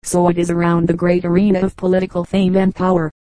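Low, even-toned woman reading an audiobook. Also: fast, no room sound, rough recording. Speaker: audiobook reader. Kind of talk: audiobook narration.

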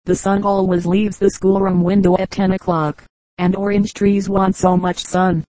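A woman voicing a gentle, hopeful little girl in a storybook reading, pleading and soft-spoken. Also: mid-range voice, little pitch movement, normal speed, no echo, natural voice.

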